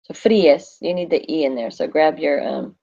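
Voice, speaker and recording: Gravelly-voiced woman teaching a class. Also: deep voice, normal speed, mellow, lo-fi sound. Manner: thinks aloud, quizzes the class. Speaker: Spanish teacher.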